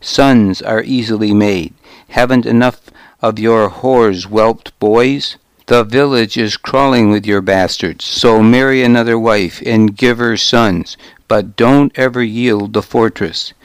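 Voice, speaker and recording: A man's voice: fairly low pitch, steady tone, slow pace, clean tone, dry recording. A man reading the part of a scrawny, scornful old uncle who speaks with sneering contempt. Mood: spiteful.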